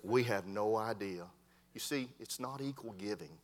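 A man's voice: lowish voice, normal speed. A man preaches in a Baptist church. He tells his stories animatedly and acts out the voices of the people in them. His voice carries a long reverb through the sanctuary. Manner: storytelling preacher, animated voices in quoted dialogue. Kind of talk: sermon. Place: church hall.

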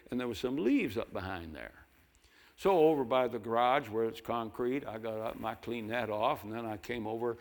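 An older man preaching a sermon, telling folksy stories and breaking into loud mimicking voices. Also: medium pitch. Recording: long hall reverb.

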